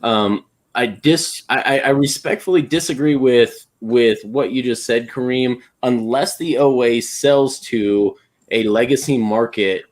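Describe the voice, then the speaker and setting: Halting man politely disagreeing. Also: medium pitch. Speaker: guest on a call. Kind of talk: casual debate.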